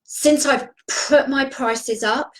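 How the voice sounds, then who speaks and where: A woman's voice: high voice, steady tone, slow, a bit bright, low-quality recording. A woman coaching viewers on a live video stream, talking earnestly and encouragingly, often restarting her sentences. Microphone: video call.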